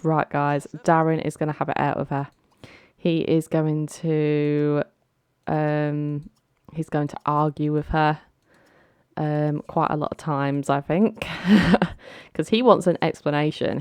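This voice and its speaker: A woman's voice: deep voice, unhurried, clean tone, dry recording, clean studio sound. Chatty woman narrating a game. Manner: excitable, chatty, gasping in shock. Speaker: gaming channel host. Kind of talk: casual gameplay commentary.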